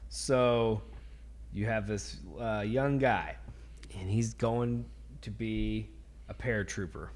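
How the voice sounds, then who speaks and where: A man's voice: fairly low pitch, steady tone, slow, a little mellow. A man hosting a podcast, chatting casually and telling a long joke in a laid-back storytelling way. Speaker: podcast host.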